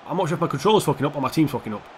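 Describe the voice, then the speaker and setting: A young man giving casual, foul-mouthed commentary over his own football video game, switching between calm play-by-play and heated rants. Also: fairly high pitch, racing, a little hiss or hum. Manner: swears a lot, swings from calm play-by-play to heated outbursts. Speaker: gaming YouTuber.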